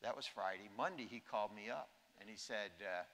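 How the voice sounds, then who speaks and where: Speaking briskly with hardly any pauses, a keynote speaker in his sixties tells funny stories at a conference and acts out quotes. His voice is lowish and a bit bright, and the large hall makes the recording echoey.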